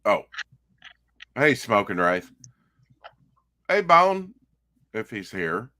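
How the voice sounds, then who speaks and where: Easygoing guy on a stream, lowish voice, bright, dry mic. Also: sing-song, drawn-out words, dry recording. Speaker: co-host. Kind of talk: casual livestream chat.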